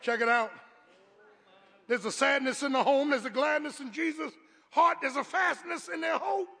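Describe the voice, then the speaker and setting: High-voiced preacher man, gravelly, in a reverberant hall. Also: moderate pace. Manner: call-and-response preaching, rising to shouts. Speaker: pastor. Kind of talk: sermon.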